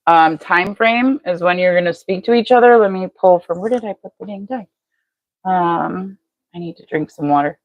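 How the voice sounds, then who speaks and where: An older woman gives a live-stream tarot reading in a low, fairly flat voice. She talks to her viewers by name in a plain, matter-of-fact way. The sound is dry and close, with no room echo. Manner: even, matter-of-fact delivery. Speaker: tarot reader.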